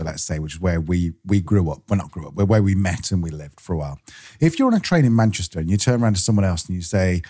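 A man's voice: low voice, mellow, slightly rough. A man from England co-hosting a podcast, chatting casually and thinking aloud as he goes. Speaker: podcast co-host. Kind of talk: casual chat.

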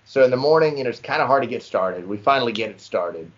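A young man casually telling a lively fishing story to friends on a podcast and calling them "dude" a lot. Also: medium pitch, quick pace. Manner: animated storyteller, says "dude" often. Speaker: podcast co-host. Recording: slightly dull lo-fi sound.

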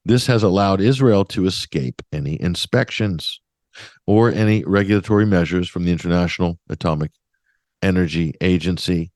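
A man's voice: deep voice, a little mellow, no echo, studio quality. A man hosting a radio talk show, giving opinionated commentary in a sardonic, emphatic way with mocking asides.

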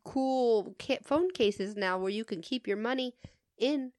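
A woman's voice: fairly high pitch, unhurried, no echo, studio quality. Laughing, swearing woman telling a story. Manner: laughs often, swears freely, animated retelling. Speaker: podcast co-host. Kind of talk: casual storytelling chat.

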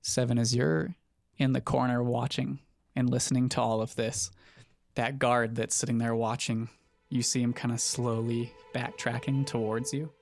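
A man serves as game master, describing the scene in a relaxed, matter-of-fact way. His voice sits at an ordinary middle pitch. Soft music plays faintly in the background. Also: moderate pace, vocal fry, dry recording. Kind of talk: narrating a tabletop game.

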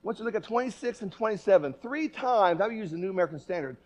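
A man preaching a sermon in a church, animated and emphatic, with repeated rhetorical questions. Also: high voice, rapid-fire.

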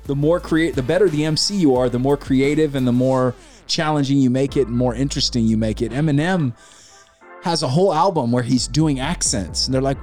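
Male podcast host, loose excited rambler, mid pitch, light music bed. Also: brisk. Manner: excited, rambling, swears freely. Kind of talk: casual chat about hip hop.

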